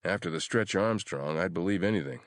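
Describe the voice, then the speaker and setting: A man's voice: low voice, fairly quick, a bit bright, no room sound, studio quality. A male narrator voicing a brash soldier who talks bluntly and swears. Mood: wry. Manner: blunt, profane.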